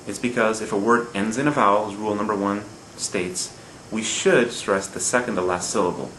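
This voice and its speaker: In a recorded classroom lesson, a patient male Spanish teacher works through grammar rules step by step, repeating them and pausing to check his students follow. His fairly low voice has a fairly bright tone, with roomy echo and a faint background hum.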